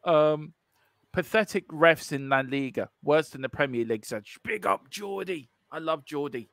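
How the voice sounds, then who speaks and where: A little high and fairly bright, this man's voice moves at a moderate pace without echo. He is from Ireland, speaks with a Cork accent, and co-hosts a football watchalong, joking, laughing and rambling with lots of fillers.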